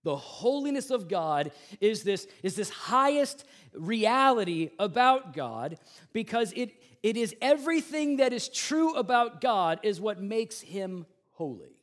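A pastor with a notably high voice delivers a sermon, opening with a lively personal anecdote. He tells the story in an animated way, acting out the people in it, then turns to earnest preaching. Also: a little slow.

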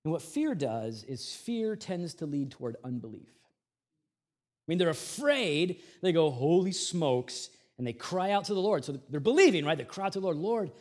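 A male pastor delivers a sermon with a fairly high voice. He preaches in an animated, conversational style and drops in casual slang. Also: moderate pace.

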